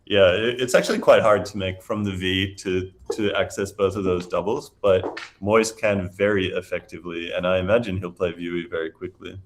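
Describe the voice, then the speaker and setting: A man giving casual, analytical live commentary on a word game, chatty and quick to laugh. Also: deep voice, steady tone, a little hiss or hum.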